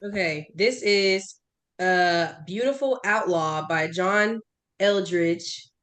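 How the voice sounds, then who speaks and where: A woman co-hosting a podcast in casual chat, jokey and quick to tease. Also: fairly low pitch, fairly bright tone. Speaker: podcast co-host.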